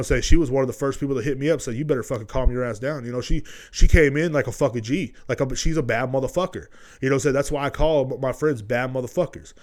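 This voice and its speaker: A man's voice: medium pitch, darkish tone. A young man hosting a podcast, giving a profane, rambling motivational monologue, full of swearing and constant "you know what I'm saying". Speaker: podcast host.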